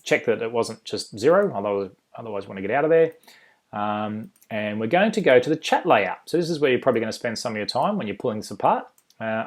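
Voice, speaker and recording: A man with an Australian accent giving an informal screen-share tutorial, full of ums and uhs and quick self-corrections. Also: medium pitch. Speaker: software developer presenting a demo.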